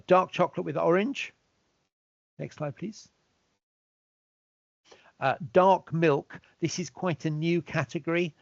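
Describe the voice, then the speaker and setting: A man giving a relaxed, chatty online presentation as a chocolate expert, now and then asking for the next slide. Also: medium pitch, dry recording. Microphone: video call. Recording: dull, dry lo-fi audio.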